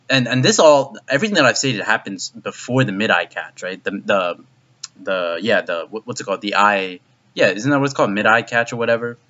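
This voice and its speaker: A man's voice: fairly low pitch, bright, forceful tone. A man casually reviewing an anime episode, rambling with lots of fillers and swearing. His voice jumps up in disbelief. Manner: rambling and profane, heavy use of "like". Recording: dull lo-fi recording.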